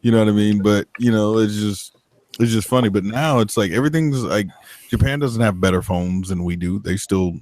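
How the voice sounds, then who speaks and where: A man telling stories in casual chat, rambling and animated, swearing freely. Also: fairly low pitch, fairly quick, no echo. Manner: profane, rambling storyteller; loose and animated.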